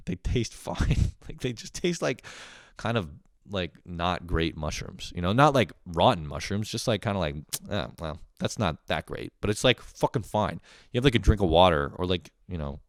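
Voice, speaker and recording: A man's voice: low voice, no room sound, studio quality. A young man hosting a podcast, telling a profane comedic story and acting out family members in shifting voices. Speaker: podcast host.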